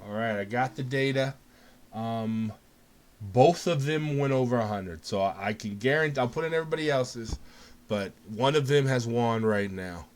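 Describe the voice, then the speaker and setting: A man hosting a casual live game show, calling results in an excited, jokey way and laughing often. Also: medium pitch, normal speed. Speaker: host.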